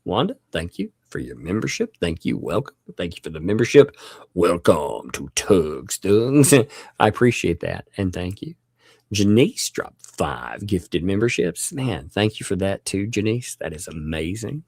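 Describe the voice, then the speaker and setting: Deep gravelly man. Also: big pitch swings, darkish tone, dry recording, studio quality. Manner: laughing often, drawn-out thank-yous. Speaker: livestream host. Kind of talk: casual livestream chat, thanking viewers.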